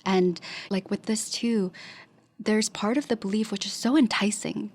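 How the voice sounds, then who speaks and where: A woman who is a podcast guest, recalling her own experiences in a hesitant, casual way with many restarts and soft asides. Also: mid-range voice, moderate pace. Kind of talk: personal recollection in casual talk.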